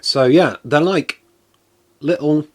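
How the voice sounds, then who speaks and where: Coughing after something went down the wrong way, this man speaks slowly in a higher-pitched voice. He's English, streaming a casual taste test live, and his talk is relaxed, self-mocking and full of fillers.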